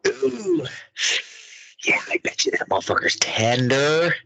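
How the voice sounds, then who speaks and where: A man's voice: medium pitch, big pitch swings, measured pace, a crowd in the background, poor audio. A man hosting a podcast, talking in a crude, mocking, profane casual chat. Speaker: podcast host.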